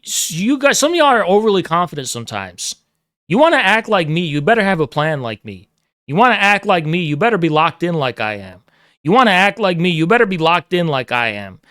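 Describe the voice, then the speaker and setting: A man ranting at his livestream chat, swearing hard and repeating himself as he lectures. His voice sits a bit high and comes through smooth and resonant. The close mic sounds dry, with no room around it. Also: fairly bright tone, dry recording. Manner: aggressive, profane, repetitive, lecturing. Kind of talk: heated livestream rant to chat.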